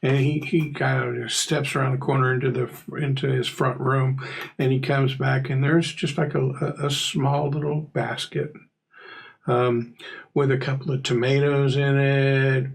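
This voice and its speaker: A man narrating as game master in a relaxed, rambling way. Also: mid-range voice, measured pace, creaky, slightly rough, poor audio. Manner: relaxed, rambling, filler-heavy.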